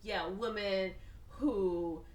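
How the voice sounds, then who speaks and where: A woman's voice: mid-range voice, extremely slow, a little hiss or hum. A woman voicing a brash, entitled young male co-pilot who sneers and then panics, recorded from a distance in an echoey room. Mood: sneering.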